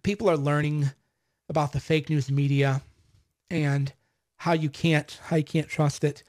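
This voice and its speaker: This man in his forties is a vlogger on a livestream, casually reading out viewer comments and telling rambling, boastful stories with acted-out quotes. His voice is slightly high and a touch mellow, with fairly even intonation and an unhurried pace.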